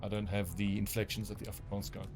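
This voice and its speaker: A fast talker with a fairly low, level, darkish voice, this South African man streams a game over faint background music. His commentary is casual, rambling, self-mocking and full of swearing.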